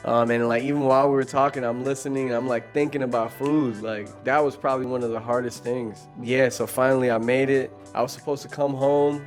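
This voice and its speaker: A man's voice: mid-range voice, steady tone, a little fast, few pauses. A young man casually telling a story, laid-back and slangy, with light music behind. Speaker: vlogger.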